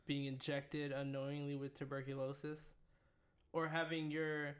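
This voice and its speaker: A man's voice: on the high side, completely flat delivery, normal speed. A man co-hosting a casual chat, chiming in with crude jokes and blunt remarks. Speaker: podcast co-host.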